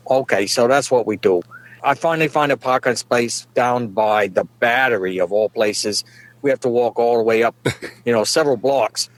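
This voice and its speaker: A man's voice: mid-range voice, moderate pace, no room sound. A middle-aged man, delivering a folksy, rambling comedic monologue and chuckling at his own jokes. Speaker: comedic podcast guest.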